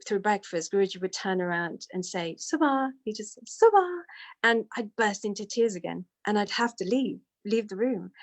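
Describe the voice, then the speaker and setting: A woman telling a personal story in a candid, self-deprecating way. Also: medium pitch. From United Kingdom. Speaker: devotee sharing testimony.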